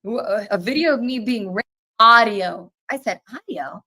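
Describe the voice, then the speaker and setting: Brisk and animated, a woman in her twenties with a slightly high voice recounts a personal story as a guest. She sounds earnest and indignant, performing every exchange along the way.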